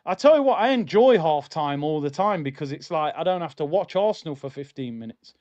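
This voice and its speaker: A man's voice: on the high side, expressive, a little fast, darkish tone, lo-fi sound. A young adult man hosting a live football watchalong stream, reacting to the match and reading out chat messages in an exasperated, slangy rant.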